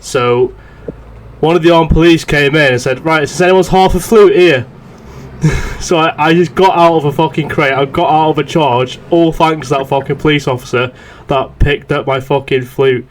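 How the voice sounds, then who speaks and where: A man's voice: on the high side, fairly even intonation, normal speed, a little hiss or hum. A young man on a podcast, telling a rambling, swear-filled story in casual chat. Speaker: podcast host.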